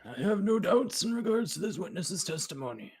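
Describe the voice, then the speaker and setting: A mild, wavering old judge, played by a man in a fan game read. His voice sits a little high. The recording carries clear background noise. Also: big pitch swings, fairly quick. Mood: judicial.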